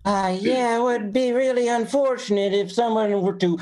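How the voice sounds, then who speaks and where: A man's voice: very high-pitched, moderate pace, darkish tone. A man improvising comedy lines over a webcam call, hesitant and starting with "uh, yeah". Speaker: improv player. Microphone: webcam on a video call.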